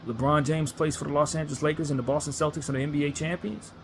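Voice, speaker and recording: A man's voice: a little high, steady tone, fast talker, noisy background. A man ranting as a sports fan commentator, blunt and frustrated, hammering his points with repetition.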